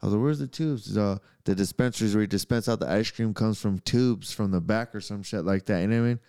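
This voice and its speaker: A man, a maintenance worker, telling profane, animated stories in casual chat. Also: fairly low pitch, quick pace, smooth.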